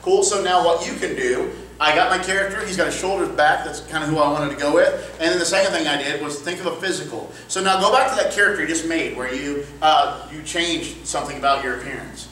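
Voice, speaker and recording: Guy coaching improv, talks kinda high, super echoey room far from the mic. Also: sharp tone, a little hiss or hum. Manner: upbeat, quick asides, frequent "cool" and "okay". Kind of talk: workshop teaching.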